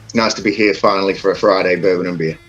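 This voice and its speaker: A man's voice: sits low, fairly even intonation, quick pace, fairly bright tone, highs cut off, soft background music. A man co-hosting a casual livestream chat, rambling through stories and greeting viewers.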